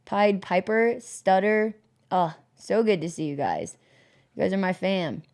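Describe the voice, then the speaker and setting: A woman's voice: medium pitch, animated, a little slow, a little mellow. A woman hosting a casual livestream, rambling with lots of fillers, laughing often and greeting viewers in the chat by name. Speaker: livestream host.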